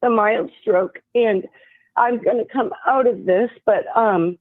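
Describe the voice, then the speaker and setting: A woman in her fifties from Tennessee, calling in from a hospital room, her speech slightly slurred after a mild stroke, halting as she searches for words. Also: fairly high pitch, dry recording. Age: 50s. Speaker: caller. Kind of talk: call-in chat on a live stream. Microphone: phone line. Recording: tinny dry phone line.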